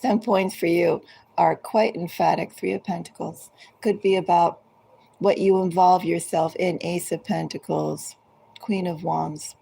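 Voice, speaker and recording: A woman giving a collective tarot reading, speaking directly to each zodiac sign in an unhurried, musing way. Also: lowish voice, steady tone, gravelly, mellow, a little hiss or hum, low-quality recording. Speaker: tarot reader.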